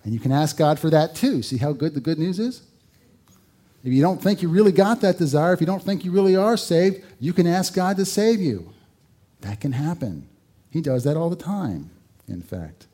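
Male preacher, warm mellow tone, chatty sermon delivery with asides and wry jokes. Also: on the high side, lively intonation, normal speed. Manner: conversational, rhetorical questions, dry humor. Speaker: pastor.

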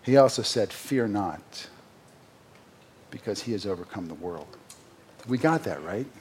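A man's voice: on the low side, expressive, measured pace, darkish tone, a little hiss or hum. A man preaching a sermon as pastor, earnest, with sarcastic asides and emphatic rises.

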